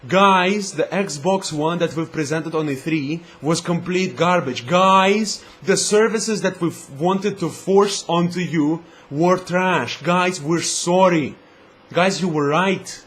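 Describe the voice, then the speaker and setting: A man's voice: a little high, slow, a bit bright. A man putting on the voice of an insincere male corporate spokesman who gushes with fake affection. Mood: mock contrite. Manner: syrupy, mock-sincere.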